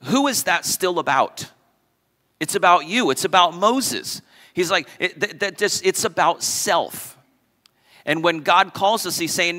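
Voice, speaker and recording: A man's voice: high-pitched, expressive, a little slow, sharp tone, big-room sound. A man preaching a sermon as pastor, emphatic, repeating key phrases and asking the congregation questions. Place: church sanctuary.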